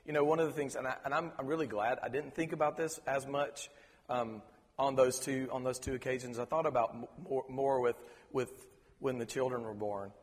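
A man preaching a sermon, earnest and halting, often repeating words as he searches for them. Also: mid-range voice, fairly even intonation, long reverb tail. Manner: preacher quoting scripture in reverent tones. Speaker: pastor.

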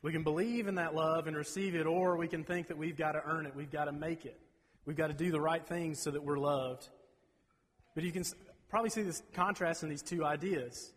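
A man in his thirties preaching a sermon, folksy and rambling, clearing his throat between asides. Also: on the high side, steady tone, brisk. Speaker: pastor. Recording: reverberant hall.

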